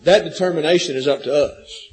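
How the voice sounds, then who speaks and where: High-voiced man preaching a folksy sermon. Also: brisk, a little mellow, husky, rough recording. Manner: folksy storytelling, repeats words when restarting. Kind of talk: sermon with storytelling.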